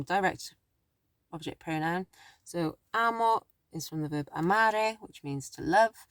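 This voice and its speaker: A woman's voice: low voice, no echo. A woman teaching a language lesson in a chatty, thinking-aloud way, often correcting herself as she explains. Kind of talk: casual spoken lesson.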